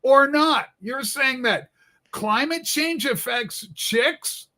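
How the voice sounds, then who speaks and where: A man co-hosting a political livestream, mocking and profane, talking loudly in crude banter. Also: extremely high pitch, takes it slowly.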